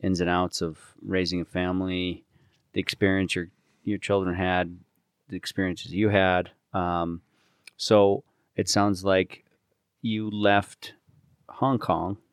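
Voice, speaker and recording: A man's voice: sits low, level tone, slow pace, clear, resonant tone, dry recording, clean studio sound. A man hosting a casual podcast interview, asking curious follow-up questions. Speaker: podcast host.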